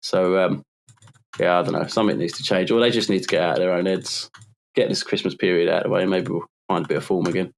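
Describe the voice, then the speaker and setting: A man's voice: low voice, steady tone, fast talker, gravelly, a little hiss or hum. A man with a London accent in casual podcast chat about football, chatty and teasing, laughing easily. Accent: London English. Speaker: podcast co-host.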